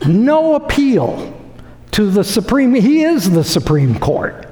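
Male preacher, emphatic and repetitive, high lively voice, long hall reverb. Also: takes it slowly. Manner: emphatic, repeats phrases for effect. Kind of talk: sermon.

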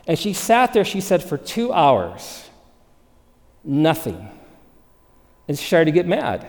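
A man preaching a sermon, animated, moving between loud emphasis and hushed, soft delivery. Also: a little high, takes it slowly. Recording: long reverb of a large hall.

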